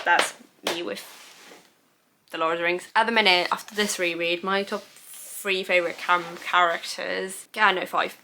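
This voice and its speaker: A woman's voice: medium pitch, bright, forceful tone. A young woman chatting casually about her recent reads, rambling and laughing at herself as she reads out her own notes. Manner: gushing, rambling, self-mocking, laughs at herself. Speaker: book vlogger. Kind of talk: casual book review chat.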